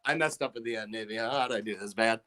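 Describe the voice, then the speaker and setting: A man's voice: lowish voice, brisk, bright, forceful tone. A man hosting a casual podcast chat, rambling and joking. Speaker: show host.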